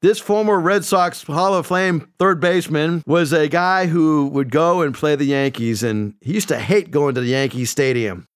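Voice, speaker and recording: A man preaching a sermon, slowing down to read scripture and lifting his voice for emphasis. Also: on the high side, clean tone. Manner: preaching with emphatic rises and slowed scripture readings. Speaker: pastor.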